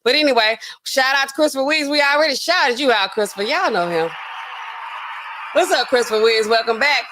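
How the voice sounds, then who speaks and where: A woman's voice: high voice, brisk, background noise. Chatty woman hosting a livestream. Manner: chatty, animated, speaks to her chat, frequent fillers. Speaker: pharmacist livestream host. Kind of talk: casual livestream commentary.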